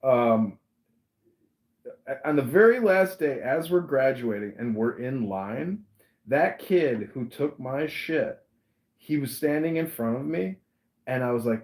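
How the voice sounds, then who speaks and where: A man hosting a podcast, telling a story in a casual, animated way and acting out the voices. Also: mid-range voice, takes it slowly. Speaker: podcast host. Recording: roomy echo.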